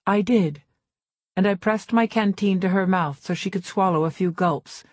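A woman narrating a novel in the first person, in a measured, reserved way. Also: medium pitch, darkish tone. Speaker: audiobook narrator. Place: recording studio. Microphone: close studio mic.

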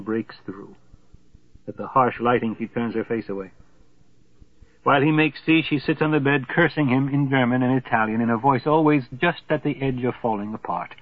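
A man narrating a literary novel as an audiobook in a measured voice that grows hushed in somber passages. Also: mid-range voice, no room sound. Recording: tinny phone-like sound, dry.

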